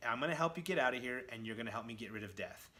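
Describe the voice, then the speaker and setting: A man's voice: mid-range voice, expressive, very fast, pushed and bright. A man voicing a scheming cosmic warlord.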